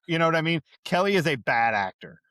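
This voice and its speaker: A man's voice: fairly high pitch, sing-song, quick pace, a bit bright, no room sound, studio quality. A man co-hosting a podcast, recapping a TV episode in casual chat, sardonic and profane with heavy sighs. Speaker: podcast co-host.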